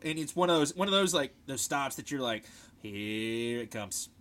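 A young man on a casual podcast, telling military stories in an animated, swearing way and shouting out the lines he quotes. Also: a little high, fast. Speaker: podcast co-host, military veteran. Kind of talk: casual storytelling chat.

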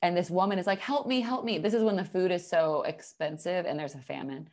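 Low-voiced woman, chatty and swearing. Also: a little fast. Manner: animated, swears freely, heavy use of "like". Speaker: podcast co-host. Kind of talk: casual chat.

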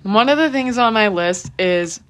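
A soft-spoken woman chats on a casual podcast at an unhurried pace. Her voice sits at a middle pitch, and she measures out each thought. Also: animated. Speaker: podcast co-host. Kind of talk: casual chat.

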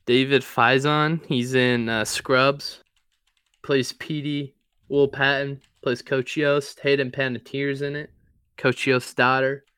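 A man talks through his picks in a loose, conversational way, his voice smooth and clear. The sound is close and dry, with no room behind him. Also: mid-range voice, flat delivery, slow pace, a bit bright, no echo. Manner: loose and conversational, ranking favorites with easygoing asides. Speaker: podcast co-host. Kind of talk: casual sports podcast chat.

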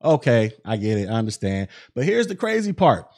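A man's voice: fairly low pitch, big pitch swings, fairly quick, a little mellow. A man hosting a podcast, recounting events in casual commentary with lots of fillers. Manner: conversational, recounts events with many fillers and acted-out quotes. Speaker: podcast host.

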